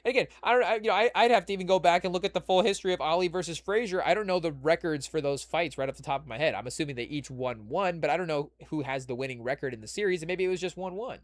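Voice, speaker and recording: A man hosting a casual podcast, rambling through his thoughts and padding them with "you know" fillers. His voice sits a little high for a man. The recording is close and dry. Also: racing, hardly any pauses, no room sound. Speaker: podcast host. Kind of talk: casual chat.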